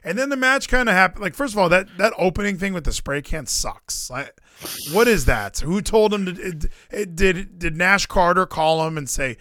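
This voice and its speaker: A man's voice: sits high, moderate pace, no room sound. A man co-hosting a casual wrestling podcast, voice slightly raised and swinging up and down as he talks. He jokes and swears freely. The sound is dry and close. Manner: animated, swearing, jokey. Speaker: podcast co-host.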